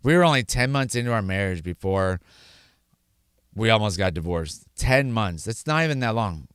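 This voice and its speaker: A middle-aged man speaks in a low, smooth voice, close and dry with no room sound. He talks candidly and earnestly, rambling and restarting sentences and slipping into little acted-out quotes. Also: expressive, moderate pace, a bit bright, no room sound. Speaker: podcast host sharing his sobriety story. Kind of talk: candid personal monologue.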